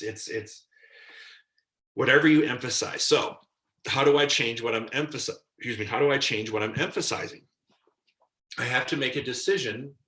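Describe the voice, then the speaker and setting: A man's voice: mid-range voice, bright, forceful tone. A man giving a live-streamed spiritual teaching talk and taking viewer questions. He speaks in an earnest, emphatic way and acts out his own inner voice. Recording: roomy echo.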